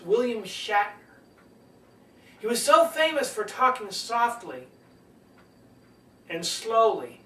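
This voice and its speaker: A man coaching public speaking, swinging between loud and soft delivery to demonstrate, in an echoey room away from the mic. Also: high-pitched, recorded from a distance. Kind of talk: teaching lesson.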